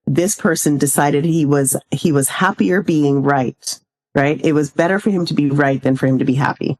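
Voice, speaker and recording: Woman, podcast guest, low voice, measured and reflective, quick to laugh. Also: darkish tone. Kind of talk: casual chat.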